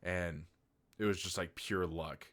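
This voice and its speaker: A man's voice: low voice, fairly even intonation, unhurried, fairly bright tone. A man giving a casual, rambling movie review, candid and loose, with lots of filler words and the odd swear.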